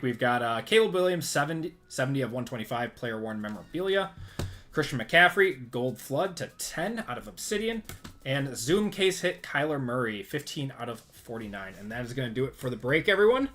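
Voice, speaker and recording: A man's voice: mid-range voice, a bit bright. A man hosting a live sports card break stream, upbeat and rattling off long lists of pulled cards.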